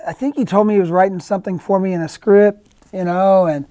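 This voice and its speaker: A man's voice: sits high, fairly even intonation, a little fast, warm tone, no echo. A middle-aged male actor in a casual interview, rambling through anecdotes with many restarts and acted-out quotes. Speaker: actor guest.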